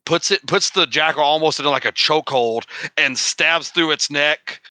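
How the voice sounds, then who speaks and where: A man describing his character's actions in a tabletop game, unhurried and laughing often. His voice is sharply bright and slightly high. The recording is dry and close. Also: no room sound. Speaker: player. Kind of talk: tabletop role-play chat.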